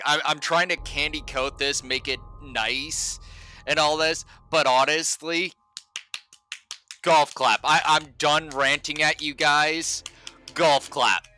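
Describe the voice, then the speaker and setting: A man's voice: a little high, sharp tone, clear, resonant tone. A man streaming a game live, ranting sarcastically and swearing a lot.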